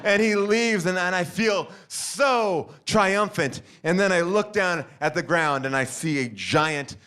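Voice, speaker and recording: A man's voice: high-pitched, slow, sharp tone. A man doing stand-up storytelling on a stage mic, acting out every character in his story. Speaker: stand-up comedian.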